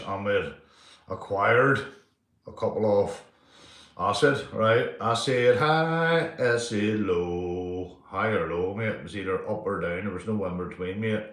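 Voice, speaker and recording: A middle-aged man with a Northern Irish accent, telling rambling true stories and giving shout-outs on a live stream. He swears freely, laughs through his tales and keeps tagging lines with "mate". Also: fairly low pitch. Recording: roomy echo.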